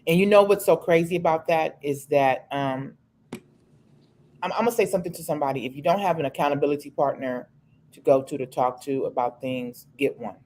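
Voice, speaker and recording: A woman's voice: sits low, fairly quick, darkish tone, slight background noise. A woman co-hosting a casual talk show, speaking frankly and emphatically, often restarting her sentences. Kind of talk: casual chat.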